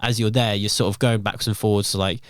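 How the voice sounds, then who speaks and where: Young man, low smooth voice, casual podcast chat, rambling with fillers, dry close sound. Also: steady tone, fast talker, no echo. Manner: rambling, filler-heavy storytelling. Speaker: podcast guest, YouTuber.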